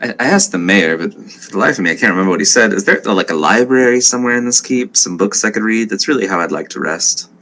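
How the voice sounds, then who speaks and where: A man with a low voice plays a tabletop game, playful and a little hesitant, his pitch moving a lot. Faint ambience hangs behind him. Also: expressive, fast talker, hardly any pauses, pushed and bright, slight background noise. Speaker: player.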